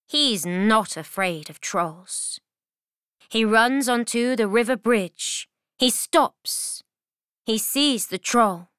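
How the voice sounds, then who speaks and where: A woman reads a children's storybook aloud with clear, simple phrasing. Her voice sits fairly high and she takes each sentence very slowly. The sound is close and dry. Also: fairly bright tone, dry recording. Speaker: storybook reader.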